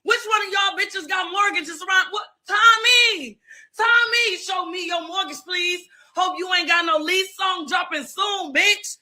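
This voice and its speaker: A woman yelling a profane, taunting tirade. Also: very high voice, measured pace. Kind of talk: shouted live-stream tirade.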